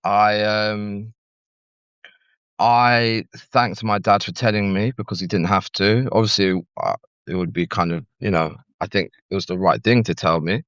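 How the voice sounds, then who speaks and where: A man from North London with a London accent, a podcast guest telling his personal story candidly, halting and restarting often and swearing frankly. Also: on the low side, steady tone, a bit bright, clear, resonant tone, dry recording, muffled recording. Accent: London English.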